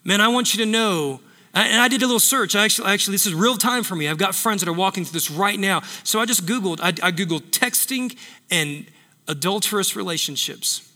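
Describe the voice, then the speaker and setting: Preacher guy, high bright voice, punchy and repeats himself, big echoey hall. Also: a little fast. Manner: emphatic, repeats phrases for effect. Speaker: pastor. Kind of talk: sermon.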